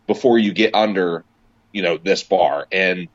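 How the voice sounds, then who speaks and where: A man talking casually about fitness and warm-ups in a podcast chat, rambling and emphatic with many restarts. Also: deep voice, moderate pace, dry recording, highs cut off.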